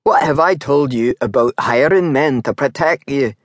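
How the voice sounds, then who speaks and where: Narrator doing a blunt Scottish Highland warrior. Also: male voice, moderate pace, no echo, studio quality, close to an everyday voice. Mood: wry. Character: gruff brawny Highland warrior, young man.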